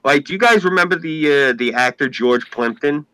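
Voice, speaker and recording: In loose podcast talk, a man with a New York accent goes on emphatically, cursing freely and filling his speech with "like." His fairly high, fairly bright voice is animated at a normal speed, captured dry on a rough recording.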